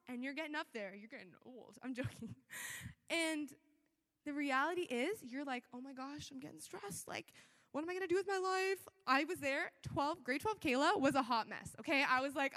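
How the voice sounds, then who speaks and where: High-voiced young woman preaching in a hall. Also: fairly bright tone. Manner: casual, chatty, acts out quoted prayers. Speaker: youth speaker. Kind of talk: youth sermon. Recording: reverberant hall.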